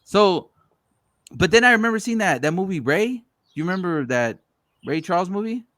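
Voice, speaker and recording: A man's voice: sits high, very animated, normal speed, a bit bright, dry recording, studio quality. A man hosting a podcast, telling stories in casual chat, swearing freely and acting out other people's lines. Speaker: podcast host.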